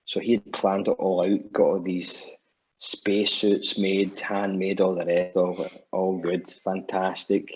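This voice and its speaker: A man's voice: sits low, measured pace, husky, low-quality recording. A Scottish man, a musician guest, telling a rambling anecdote on a podcast and acting out what people said. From Scotland. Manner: animated storyteller acting out quotes, many restarts.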